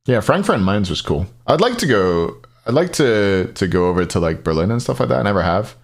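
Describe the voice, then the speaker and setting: A very animated man with a lowish voice and vocal fry talks fairly quickly as he casts an esports match on a live stream. He rambles between plays and answers chat questions out loud, in casual commentary.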